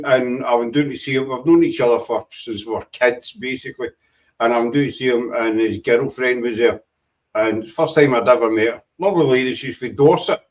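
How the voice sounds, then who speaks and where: A man's voice: mid-range voice, recorded from a distance, poor audio. Scottish man telling laughing stories. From Scotland. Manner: storytelling, laughing, swearing. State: half deaf. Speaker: paranormal team member guest. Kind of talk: casual chat.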